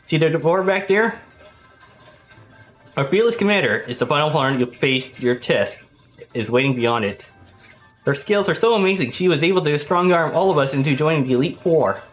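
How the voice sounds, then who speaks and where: A male streamer plays through a game and reads the characters' dialogue aloud in a theatrical, hammy way, his pitch swinging all over. Faint game music plays behind him, and he keeps cracking himself up as he reads. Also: expressive, normal speed. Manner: laughing, theatrical, hammy reading of game lines. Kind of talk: let's play commentary, reading game dialogue aloud.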